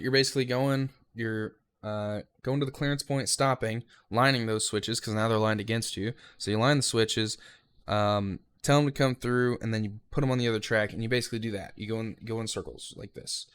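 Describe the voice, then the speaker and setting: A man's voice: medium pitch, fairly even intonation, fairly quick, fairly bright tone, clear, resonant tone, no echo. A young man, a railroad conductor trainee, giving a rambling, casual vlog recap of his training week and swearing freely.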